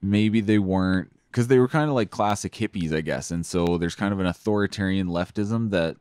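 A man's voice: low-pitched, a little fast, darkish tone, clean tone, no echo, clean studio sound. A man co-hosting a podcast, chatting casually about politics, rambling with lots of fillers and restarts. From Canada. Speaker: podcast co-host.

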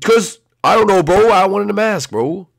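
A man's voice: sits high, animated, normal speed, gravelly. A man doing a slangy laid-back bro. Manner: slangy, casual. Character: laid-back teen dude who says bro. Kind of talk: toy role-play voice acting.

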